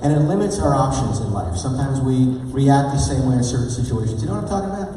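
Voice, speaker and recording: A male motivational speaker and stage hypnotist giving an energetic, playful keynote talk, drawing the crowd in with questions. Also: mid-range voice, quick pace, a little hiss or hum. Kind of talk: keynote talk to a live audience. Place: large event hall. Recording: echoey hall, voice from far off.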